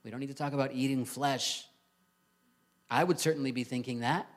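A man's voice: medium pitch, steady tone, fairly quick. Man, pastor, sermon in church, chatty delivery, rhetorical questions to the congregation.

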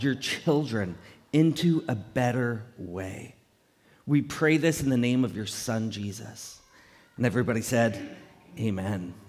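A male pastor preaching a conversational, animated sermon, often acting out quotes in playful voices. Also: mid-range voice. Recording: long hall reverb.

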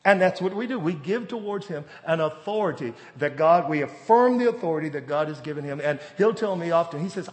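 A man in his forties preaching a sermon, telling stories and rising to loud, emphatic bursts. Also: fairly high pitch, expressive, fairly quick, few pauses. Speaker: pastor. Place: church sanctuary. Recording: long hall reverb.

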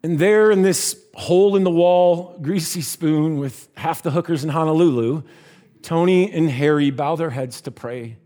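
A man preaching by telling a story, animated and giving voices to the characters in it. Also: a little high, normal speed. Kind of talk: sermon storytelling.

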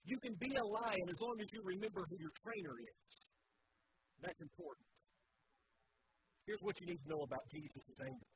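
A man's voice: high voice, expressive, moderate pace, pauses often, noisy background. A middle-aged man preaching a sermon as pastor, earnest and conversational, asking the listeners questions.

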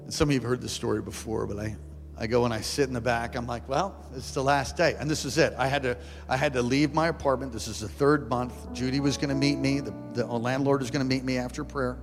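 A man preaching a sermon and telling a story, animated, acting out the voices and breaking into shouts at high points. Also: fast talker. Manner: animated, acts out quotes, bursts into shouts. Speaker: pastor. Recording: live church sound with long reverb and music underneath.

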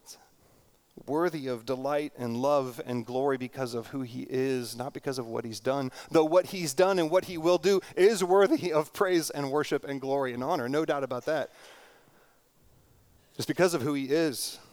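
A middle-aged male pastor delivering a sermon with earnest, reflective conviction. His voice is smooth and clear, sitting at an ordinary pitch, and he leans into key words and repeats phrases as he builds. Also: normal speed, a little mellow.

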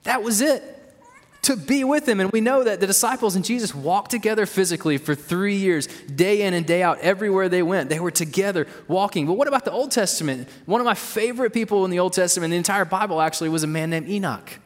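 A man's voice: sits high, fast. A man preaching a sermon as pastor, in a conversational way with asides to the congregation, heard in an echoey church hall. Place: church sanctuary.

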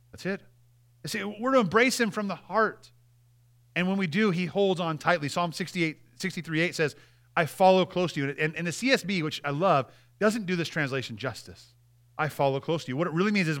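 A male pastor preaching a sermon, earnest, reading quoted passages aloud with emphasis and dropping to a hush at key lines. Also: high voice, a little fast. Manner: earnest, with repeated restarts and dramatic drops in volume.

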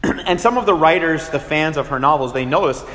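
A man preaching as a pastor, his voice pitched a touch high and carried through a roomy, echoing hall with a long reverb. He talks in an animated way, acting out little scenes with shifting voices. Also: brisk. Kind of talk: sermon.

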